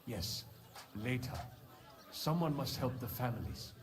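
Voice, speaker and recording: A man's voice: medium pitch, animated, unhurried, a little hiss or hum, close to an everyday voice. An actor playing a bitter young man in a game who speaks formally and stiffly, set on revenge. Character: grim young male townsman, bent on revenge.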